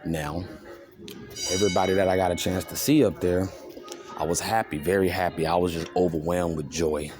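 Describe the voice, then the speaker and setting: A man's voice: low voice, steady tone, normal speed, music in the background. A man telling a rambling story on his vlog, laughing and mimicking others. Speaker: vlogger. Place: store, walking around.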